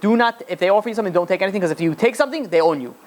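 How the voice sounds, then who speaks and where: A man's voice: high voice, lively intonation, very fast. A man voicing a frightened captive woman who gives an urgent warning, in a told story.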